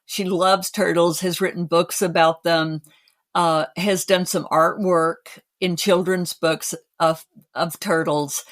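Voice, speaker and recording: An older woman, a podcast guest, answers in a relaxed, unhurried way. Her voice is slightly low and her pace very slow, with small pauses as she recalls things. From Cape Cod, United States. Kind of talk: casual interview answers.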